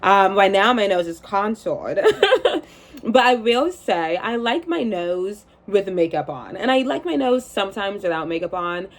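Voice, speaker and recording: A woman's voice: mid-range voice, big pitch swings, unhurried. Young woman, 20s, casual vlogger, chatty and self-mocking, reads from her diary. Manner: chatty, swearing, laughing at herself. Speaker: vlogger reading her journal. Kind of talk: casual chat and journal reading.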